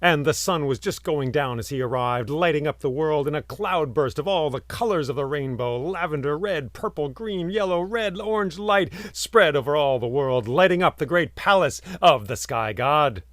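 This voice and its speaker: A man telling a folk tale aloud, expressive and lingering on vivid words, sometimes dropping to a hush. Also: a little high, moderate pace, hardly any pauses, dry recording, clean studio sound. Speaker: storyteller and podcast host. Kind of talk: oral storytelling.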